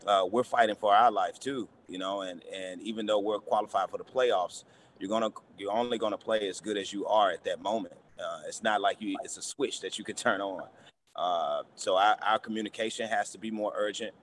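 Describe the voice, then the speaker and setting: Halting low-voiced basketball coach. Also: male voice, steady tone, fairly bright tone, a little hiss or hum. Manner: halting, repeats words, many fillers. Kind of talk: press conference answers.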